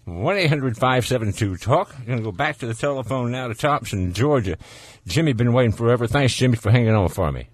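A man's voice: medium pitch, animated, a little fast, hardly any pauses, no echo. A man with a Southern US accent hosting a call-in radio show, folksy and chatty, laughing easily with callers. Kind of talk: casual call-in radio chat.

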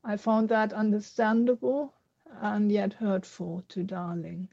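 A woman's voice: mid-range voice, steady tone, creaky, dark tone. A woman earnestly asking a prepared question about a book. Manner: earnest, deliberate. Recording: dull lo-fi recording.

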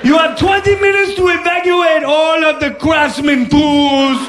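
A man doing a loud, bombastic impression of a dictator on a prank phone call. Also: steady tone, a little slow, reverberant, very noisy. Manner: booming, shouted proclamations.

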